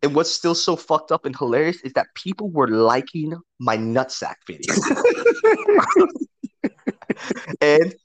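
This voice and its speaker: A man's voice: fairly high pitch, normal speed, hardly any pauses, no room sound. A man telling a crude story to a friend in casual chat, swearing constantly and laughing often. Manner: profane, animated, laughs often. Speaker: podcast co-host telling a story.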